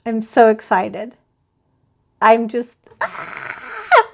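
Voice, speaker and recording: Woman host, crochet stream; unhurried, chatty, a bit high-pitched, talks to her live chat. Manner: chatty, rambling, addresses live chat viewers.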